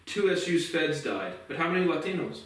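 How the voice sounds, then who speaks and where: A man's voice: on the high side, big pitch swings, fairly quick, slight background noise. Ranting man in an echoey room. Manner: profane, aggrieved ranting with many restarts. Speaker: host of a solo commentary series. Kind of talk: casual rambling monologue. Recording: very echoey room, voice from a distance off the mic.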